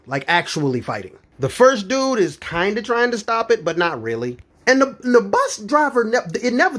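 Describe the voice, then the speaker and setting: Animated, expressive male stand-up comic. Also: sits high. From Florida, USA. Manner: profane, animated, incredulous storytelling. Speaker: stand-up comedian. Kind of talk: stand-up comedy storytelling.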